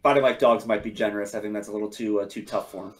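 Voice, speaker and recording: A man's voice: lowish voice, fairly even intonation, very fast. A man making dry joking asides in casual chat.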